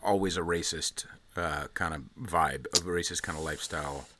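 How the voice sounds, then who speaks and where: A man hosting a casual chat with a friend, laid back and quick with short agreements. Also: sits low, bright, forceful tone. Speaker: podcast host.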